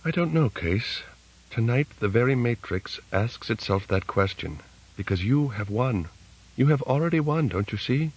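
A man voicing a calm AI boy. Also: medium pitch, normal speed, breathy edge, voice pushed up, rough recording. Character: calm all-knowing AI in a boy's form. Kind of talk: audiobook character reading.

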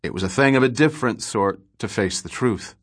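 A man narrating a science fiction story in measured, even storytelling. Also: lowish voice, slightly rough. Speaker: audiobook narrator. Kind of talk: scripted narration.

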